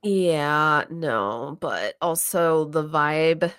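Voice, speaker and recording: A woman hosting a casual podcast, retelling a true crime story with lively acted-out quotes and some swearing. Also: sits low, extremely slow, clear, resonant tone. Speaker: podcast host recapping a true crime show. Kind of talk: casual chat.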